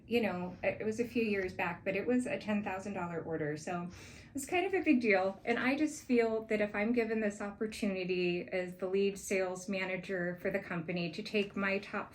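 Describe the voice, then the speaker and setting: A woman, a sales manager, tells an earnest personal story as part of a proposal pitch and gets animated as she recounts it. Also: slight background noise. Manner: earnest, grows animated while retelling events.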